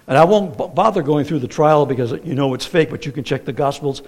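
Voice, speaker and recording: A man's voice: on the high side, quick pace. A man preaching a sermon in a conversational way, often asking the congregation questions.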